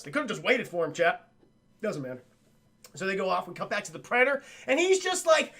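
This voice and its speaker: A high, gravelly-voiced man gives a casual film review on a livestream. He is excitable and profane, and he keeps talking to his chat. His tone is bright and forceful. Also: fast.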